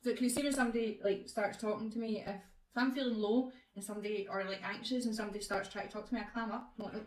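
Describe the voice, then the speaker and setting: A woman's voice: medium pitch, fairly even intonation, fast talker. A Scottish woman chatting frankly while doing makeup, joking and laughing easily as a vlog co-host. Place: beauty salon, indoors. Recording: echoey room, mic at a distance.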